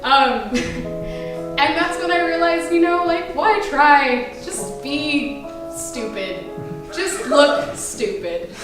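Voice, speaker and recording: A woman's voice: sits high, slow, music in the background. A woman telling a true story on a small theater stage, wry, self-mocking and profane. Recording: echoey room recording from far off, with noise. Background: audience laughter.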